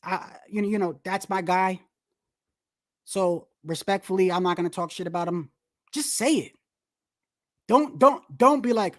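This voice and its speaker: A woman's voice: mid-range voice, expressive, fairly quick, no room sound, clean studio sound. A woman hosting a live boxing commentary stream, ranting bluntly with frequent swearing and restarts.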